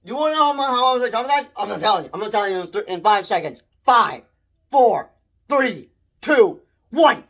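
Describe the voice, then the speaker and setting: A man's voice: high voice, fairly quick. A young man talking through a movie review in a loose, unscripted way. He rambles and trips over his words, restarting sentences often. He gets worked up and swears now and then. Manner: rambling, excitable, many restarts and mild swearing. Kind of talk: casual spoiler movie review.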